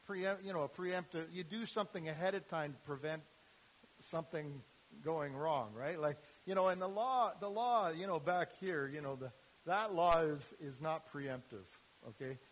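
A man's voice: on the high side, moderate pace, a little hiss or hum, low-quality recording. A man giving an informal sermon as a youth ministry speaker, talking conversationally with many fillers and restarts.

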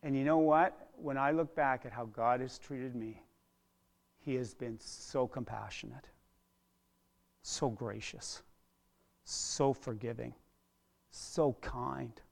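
A middle-aged man preaching a sermon as a pastor, earnest, dropping to a hush and then rising loud, often repeating words. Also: mid-range voice, fairly even intonation, slow, creaky, pauses often. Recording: long hall reverb.

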